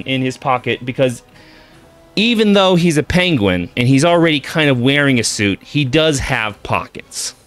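A man spins a long, meandering joke, stumbling over his words and breaking off to restart. His pitch swings widely as he goes, and faint music sits behind him. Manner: digressive, stammering, self-interrupting. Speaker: comedian telling a shaggy-dog joke. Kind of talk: rambling comic storytelling.

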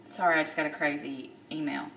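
Woman in her thirties, tearful video diary, halting, lots of fillers; roomy echo, mic set back. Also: low-pitched, fairly even intonation, creaky, fairly bright tone, distant mic, slight background noise. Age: 30s. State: upset, near tears. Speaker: vlogger.

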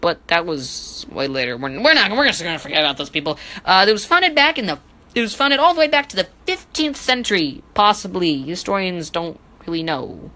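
Woman doing a jokey history podcast, bright kinda punchy voice, trips over names, pokes fun at herself. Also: lowish voice, very animated, a little fast, poor audio. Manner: joking, self-deprecating asides. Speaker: history teacher. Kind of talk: casual educational podcast.

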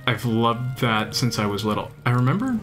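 A man's voice: medium pitch, very animated, moderate pace, soft background music. A young man chatting casually while streaming a game, rambling and enthusiastic, often restarting his sentences. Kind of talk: casual chat while gaming.

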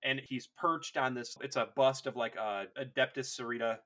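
A man's voice: mid-range voice, fairly even intonation, moderate pace, sharp tone. A man co-hosting a podcast in casual chat, rambling along with jokes and restarts. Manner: rambling, hesitant restarts, jokey. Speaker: podcast co-host.

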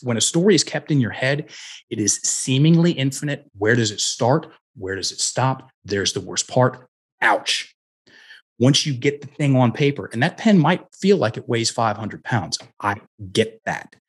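A middle-aged man, a personal development coach, telling stories as a guest in a podcast interview on a headset mic, animated and acting out the dialogue. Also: mid-range voice, breathy edge.

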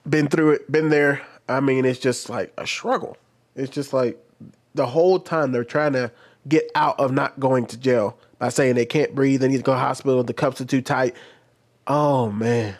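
A man's voice: medium pitch, steady tone, normal speed. A chatty man hosting a reaction commentary. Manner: chatty, rambling with restarts. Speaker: reaction video host. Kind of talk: casual commentary. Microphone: desk microphone close up.

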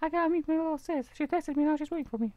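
A woman's voice: high-pitched, rapid-fire, darkish tone, no room sound, muffled recording, close to an everyday voice. A woman voicing a sarcastic teen girl. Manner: dry, dismissive retorts.

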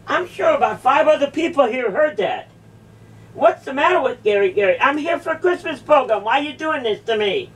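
A woman's high, animated voice comes through briskly as she confronts someone heatedly in a church. Incredulous, she asks the same questions again and again, recorded far from the mic.

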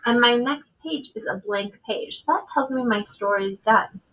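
A woman teacher reads a picture book aloud to children during a reading lesson, speaking with expression and stopping to ask questions. Her voice is a little high and fairly bright, though the audio is dull.

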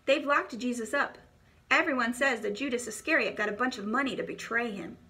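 A woman doing an excited boy with news. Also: a little high, fairly quick. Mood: urgent.

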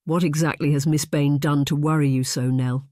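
A man's voice: fairly high pitch, fairly even intonation, normal speed, a little mellow, no room sound, studio quality, natural voice. A narrator voicing a tired, troubled nobleman in his thirties who speaks in a tense, clipped way. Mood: weary. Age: 30s.

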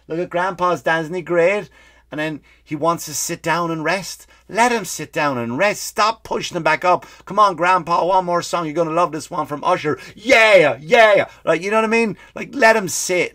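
A man's voice: medium pitch, a bit bright, dry recording. A profane, ranting male comedian. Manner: profane, rapid, emphatic ranting with repeated phrases. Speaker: comedian, podcast host. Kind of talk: comedic rant.

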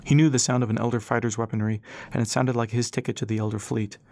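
A man reading an audiobook as narrator, in a steady storytelling manner. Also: mid-range voice, quick pace, dry recording.

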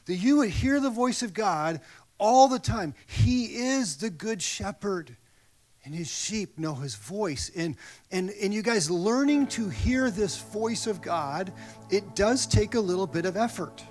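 High-voiced animated preaching man. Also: unhurried, faint music behind. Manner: animated storytelling, acts out quoted voices. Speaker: pastor. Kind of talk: sermon. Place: church sanctuary.

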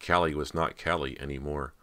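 A man reading a horror audiobook in a steady, dramatic way. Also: very deep voice, fairly quick. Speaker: audiobook narrator. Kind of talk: scripted narration of a horror novel.

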